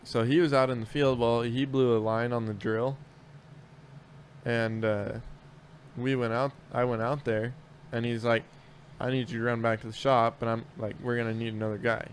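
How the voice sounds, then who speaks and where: A man's voice: medium pitch, flat delivery, normal speed, slight background noise. A man in casual podcast chat, telling work stories in a rambling, profane way with lots of restarts.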